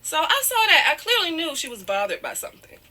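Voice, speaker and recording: A woman with a bright, forceful voice recounts a painful story while close to tears. She keeps apologizing and steering herself back with "however" as she digresses. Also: sits high, wildly swooping pitch, fast. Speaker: guest telling her side of a breakup. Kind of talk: emotional personal storytelling.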